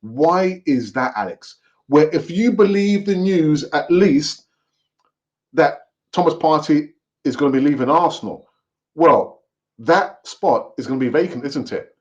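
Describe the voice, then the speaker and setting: A man hosting a casual live football fan stream, talking in an animated, repetitive, rambling way. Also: fairly high pitch, measured pace, muffled recording. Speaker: football fan channel host.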